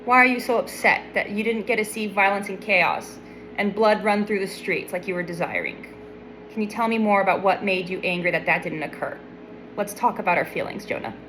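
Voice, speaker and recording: A woman voicing God as a gentle, patient figure who talks softly and coaxingly, like a therapist, in a storybook retelling. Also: lowish voice, fairly quick, a little hiss or hum, pitched below the performer's own voice, lightly acted, low-quality recording. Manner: soft, hushed and patient.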